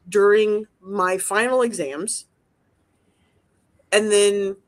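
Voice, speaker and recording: A woman telling a personal story on a podcast, emotional and freely swearing. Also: mid-range voice. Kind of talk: casual podcast chat.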